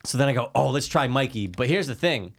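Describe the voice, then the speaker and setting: A man's voice: medium pitch, lively intonation, fairly quick, slightly rough. A man co-hosting a casual podcast, telling a rambling, profane story to his friend. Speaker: podcast co-host.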